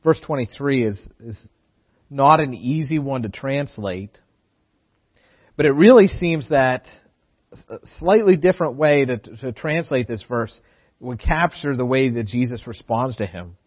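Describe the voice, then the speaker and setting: A man preaching a sermon in an earnest way, often doubling back on his words to press a point. His voice is husky, and it comes through a dull, lo-fi recording. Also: medium pitch, animated, unhurried. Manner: earnest, repeats words for emphasis.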